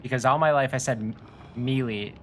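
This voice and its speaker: A man's voice: mid-range voice, moderate pace, fairly bright tone. Young Wisconsin man, noisy mic. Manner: rambling, laughs often. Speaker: streamer. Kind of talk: casual chat while playing a game.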